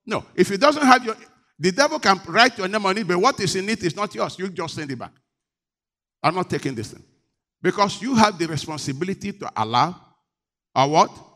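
Male pastor, slightly high voice, call-and-response sermon delivery, emphatic. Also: lively intonation, brisk. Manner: call-and-response preaching, building to emphatic shouts.

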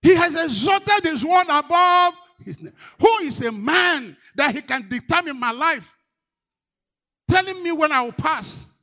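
A male preacher with a very high voice, bright and forceful in tone. He drives his sermon with shouted declarations and then drops down to coax his congregation into answering back. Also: lively intonation, unhurried. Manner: swings from shouted exhortation to low coaxing call-and-response.

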